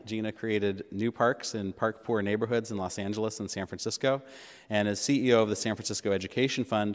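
A man presiding over a government board meeting, reading a formal commendation from prepared remarks. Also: lowish voice. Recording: long reverb of a meeting chamber.

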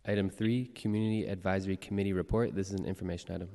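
Deep-voiced man clerk reading in a hall. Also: racing, gravelly, very noisy. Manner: steady, formal, read-aloud delivery. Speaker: board clerk. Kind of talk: reading roll calls and procedural announcements. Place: legislative chamber in a city hall. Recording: long reverb of a large hall.

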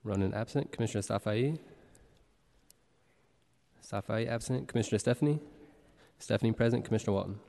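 A man serving as a meeting clerk, reading the roll and announcements in a brisk, formal way, in a large chamber. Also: on the low side, gravelly, dark tone. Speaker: board clerk. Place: legislative chamber in city hall. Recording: long reverb of a large chamber.

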